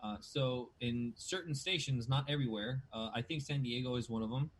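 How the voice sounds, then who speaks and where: Sports-anchor guest, man with a light Mexican Spanish accent, loose slangy podcast chat, mid-pitched. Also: brisk, slight background noise. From Tijuana, Mexico. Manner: animated, slangy, says dude and bro a lot. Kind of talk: casual chat.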